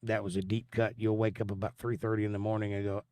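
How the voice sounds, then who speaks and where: A man's voice: on the low side, level tone, quick pace, darkish tone, dry recording. A man hosting a livestream, reading viewer comments aloud and answering them with dry, sarcastic jokes. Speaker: livestream host.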